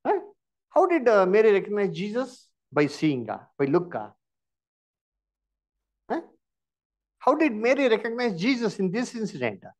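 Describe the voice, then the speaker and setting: A man's voice: sits high, huge pitch swings, normal speed, pauses often. A man with an Indian English accent teaching a Bible lesson, firing questions and prompting answers with "huh?".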